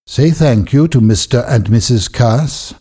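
A man voicing a poor, devoted older weaver in a storybook reading, speaking quietly and with feeling. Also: medium pitch, measured pace, slightly rough. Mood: pained. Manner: quiet, emotional.

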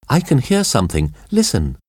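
A man voicing a young woman reporter who survived a crash, speaking quickly and alertly in a storybook reading. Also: mid-range voice, wildly swooping pitch, darkish tone, breathy edge, dry recording, clean studio sound, pitched above the performer's own voice.

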